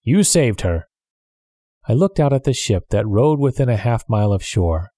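Male narrator, measured read, warm dark tone, dry close recording. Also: on the low side, no echo. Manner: measured, even storytelling. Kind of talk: scripted audiobook narration.

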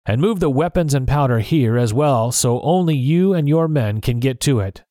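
A man's voice: medium pitch, lively intonation, normal speed, mellow, dry recording, studio quality, voice pushed up, close to an everyday voice. A man reading as a stern, blunt sea captain. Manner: curt and plain-spoken. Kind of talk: storybook reading.

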